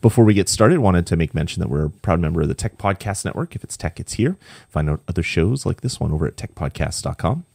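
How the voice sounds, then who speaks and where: A man's voice: low voice, expressive, fast, vocal fry, a little mellow, dry recording, clean studio sound. A young man hosting a casual gaming podcast, chatty and rambling, laughing easily. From Canada. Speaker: podcast host.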